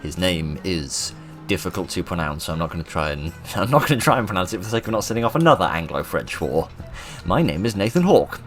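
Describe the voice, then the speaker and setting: A man's voice: sits low, animated, fast talker, fairly bright tone, faint music behind. A man giving casual, self-mocking commentary while playing a video game. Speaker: gaming video host. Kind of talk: casual let's-play commentary.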